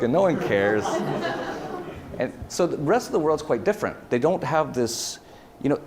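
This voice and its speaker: A man's voice: mid-range voice, a little hiss or hum. A man giving a casual conference talk, telling anecdotes with lots of fillers and restarts, and laughing as he goes. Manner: animated storytelling with many fillers and restarts. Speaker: conference speaker. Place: event hall.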